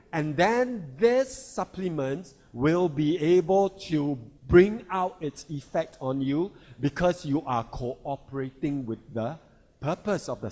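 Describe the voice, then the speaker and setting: A man's voice: a little high, darkish tone. A man giving an instructional health talk who keeps checking in with his listeners. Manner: checks in with listeners, asking "right?" and "all right?". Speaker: health presenter.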